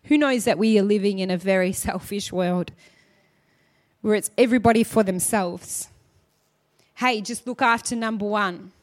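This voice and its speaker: A woman's voice: medium pitch, normal speed, long pauses. A woman pastor preaching a sermon in a chatty, storytelling way, full of rhetorical questions.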